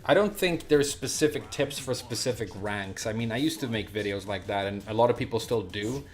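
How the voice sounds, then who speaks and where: A man's voice: on the low side, a little fast. A man streaming a fighting game, chatting casually with rambling asides and plenty of fillers. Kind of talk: casual gameplay commentary.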